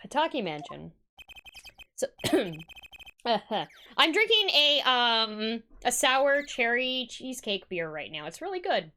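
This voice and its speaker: A woman's voice: fairly high pitch, sing-song, takes it slowly, pushed and bright. A woman streamer chatting casually and giggling with her viewers while reading a game aloud.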